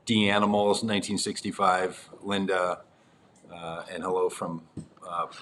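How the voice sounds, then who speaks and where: A man's voice: low-pitched, little pitch movement, a little slow, a bit bright, a little hiss or hum. A man co-hosting a live-streamed podcast, joking and teasing through casual banter from a rented apartment. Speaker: podcast co-host. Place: rented apartment unit indoors.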